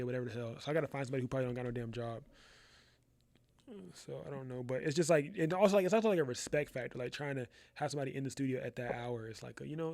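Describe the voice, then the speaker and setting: A man's voice: medium pitch, gravelly, a little mellow. A young man casually hosting a live photography class from his studio, rambling and slangy, calling listeners "bro". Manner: loose, rambling, slangy, says "bro" a lot. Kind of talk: casual live-stream chat.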